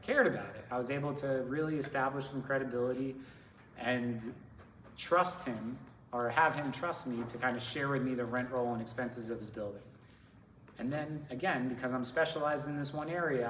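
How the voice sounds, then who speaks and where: A man's voice: medium pitch, moderate pace, a bit bright. A man speaking as a sales director to students, telling stories in a casual, conversational way full of filler words. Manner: conversational, many fillers like "like" and "you know". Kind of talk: casual storytelling talk to students. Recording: roomy and distant with faint noise.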